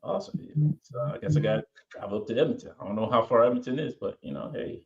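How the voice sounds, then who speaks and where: A man's voice: mid-range voice, fast talker, creaky, muffled recording. A man hosting a podcast, chatting casually and reading viewer comments aloud with a playful, joking manner. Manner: animated and playful, breaks into song and jokes. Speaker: podcast host reading live chat. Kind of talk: casual chat.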